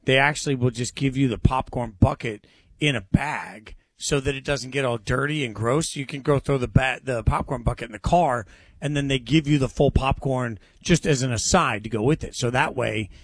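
A sports radio host in his forties chats casually in a studio about going out to the movies, pitching ideas with excitable enthusiasm. He talks at a normal speed into a studio mic, with no echo.

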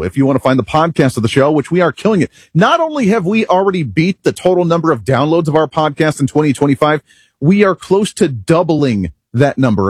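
A talk radio host man with a slightly husky voice pitched a bit high, delivering his monologue in an animated, opinionated way. He works through rhetorical questions and asides. The studio sound is close and dry. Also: dry recording.

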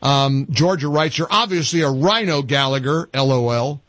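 A man hosting a talk radio show, commenting forcefully and repeating phrases for emphasis. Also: medium pitch, normal speed, no echo. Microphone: studio microphone.

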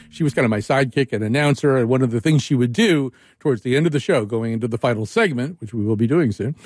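A man's voice: no room sound, clean studio sound. A man in his seventies hosting a radio talk show, rambling and chuckling as he chats. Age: 70s. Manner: rambling, chuckling, lively swings in pitch. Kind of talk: casual radio chat.

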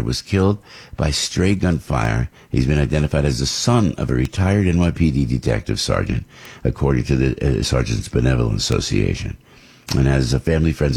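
Gravelly deep-voiced talk radio man. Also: a little mellow. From New Jersey. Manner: rambling, indignant ranting. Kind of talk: political talk radio monologue.

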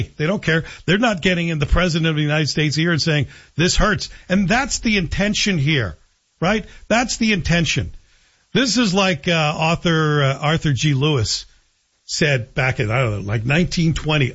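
A man hosting a radio talk show, giving animated, sarcastic opinion commentary. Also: on the high side, breathy edge. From Canada. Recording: dull lo-fi broadcast audio.

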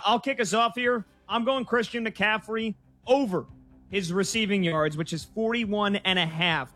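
A man hosting a sports betting talk show, running through stats briskly and leading the segment. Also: high voice, bright, forceful tone, dry recording. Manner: brisk, stat-heavy, leads the segment.

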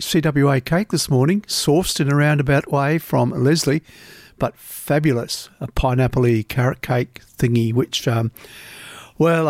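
A man with an Australian accent hosting a radio show in a chatty, relaxed way. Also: mid-range voice, creaky, no room sound, studio quality. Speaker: radio host. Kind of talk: casual radio presenting. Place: radio studio. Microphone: studio microphone.

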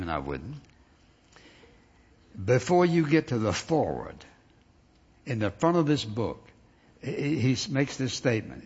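Guy preaching a sermon, keeps firing rhetorical questions, kinda muffled recording. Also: medium pitch. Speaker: pastor.

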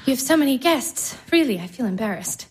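A fluttery, self-conscious young fiancée, fretting over how she looks. Her voice is very high and leaps about with nerves. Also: lively intonation, fairly quick. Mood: flustered. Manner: fluttery and anxious. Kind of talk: stage drama acting.

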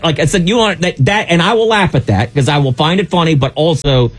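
A man with a husky, slightly rough voice tells a heated personal story on a talk show. He sounds exasperated and keeps restarting his sentences. Faint music plays underneath. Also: a little high, fairly quick. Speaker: radio show host. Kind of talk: casual storytelling chat.

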